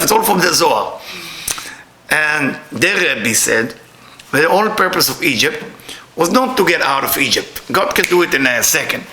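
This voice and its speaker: A man teaches Kabbalah in an animated, storytelling way, full of playful asides. His voice is bright and fairly high, and it swoops up and down a lot. The room is echoey, with a faint hiss underneath. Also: normal speed. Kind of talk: weekly Torah portion talk.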